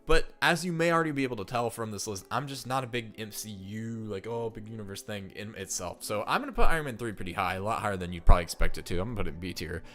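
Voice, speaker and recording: A man's voice: on the low side, quick pace, few pauses, fairly bright tone. Stuffed-up man chatting casually. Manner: chatty, thinking aloud with fillers and restarts. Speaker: streamer ranking movies. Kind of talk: casual chat to viewers.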